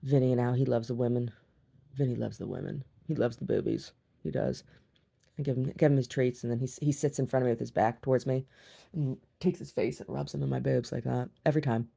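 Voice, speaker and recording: A woman's voice: extremely low pitch, steady tone, fast talker, gravelly, mellow, breathy edge. A middle-aged woman, a gallery owner, chatting in a meandering, giggly way in a casual monologue.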